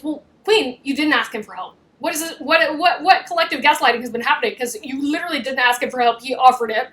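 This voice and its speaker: A young woman hosting a casual recap, animated and chatty, swearing and acting out scenes. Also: sits high, brisk, poor audio. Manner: animated, swears, acts out quotes. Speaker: YouTube recap host. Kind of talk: casual chat.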